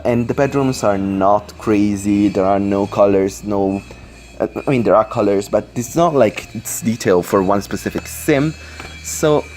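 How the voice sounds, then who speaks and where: A man with a low, darkish voice, English not being his first language, provides casual voice-over for a Sims speedbuild. He's indoors at home with a computer on his lap, rambling along with lots of fillers and apologies.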